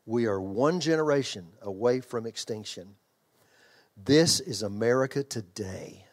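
A man's voice: medium pitch, normal speed. An older man preaching a sermon in an emphatic, conversational way, repeating phrases, restarting lines and asking the congregation questions. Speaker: pastor and children's ministry trainer.

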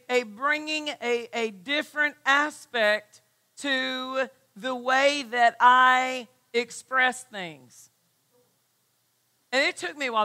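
A woman's voice: on the high side, sharp tone. A woman pastor preaching a sermon, emphatic and full of rhetorical questions.

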